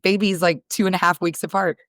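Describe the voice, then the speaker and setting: A woman in her thirties tells a story on a podcast, candid and quick to swear as she plays out the dialogue. Her voice sits very low for a woman. The sound is dry and close. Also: steady tone, a bit bright, no echo. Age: 30s. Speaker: podcast co-host. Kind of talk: casual storytelling chat.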